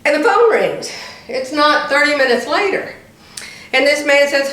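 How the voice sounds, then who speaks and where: A woman's voice: high voice, animated, normal speed, fairly bright tone. An older woman telling a long story in a chatty vlog, often laughing as she talks. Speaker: vlogger. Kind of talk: casual storytelling. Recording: roomy echo.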